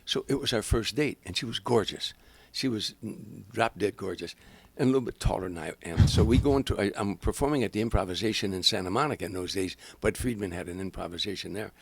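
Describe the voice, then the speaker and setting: Older comedian telling stories, dry sound. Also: male voice, fairly low pitch, fast, vocal fry, husky, no room sound. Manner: animated storyteller, acts out quoted voices. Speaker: stand-up comedian and guest. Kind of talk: anecdotal storytelling in an interview.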